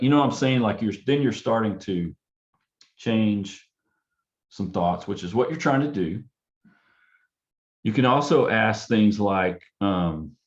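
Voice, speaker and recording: Low-voiced man, counselor talking through techniques. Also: animated, moderate pace, dull audio. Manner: acts out client and parent dialogue in a softer, curious tone. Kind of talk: casual panel talk.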